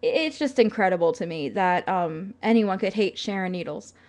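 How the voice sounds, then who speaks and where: Young woman vlogger, casual and earnest, filler-heavy, a little tearful, mid pitch. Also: animated, moderate pace, darkish tone. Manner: chatty and earnest, many fillers, laughs through. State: tearful at times. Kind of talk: casual talk to camera.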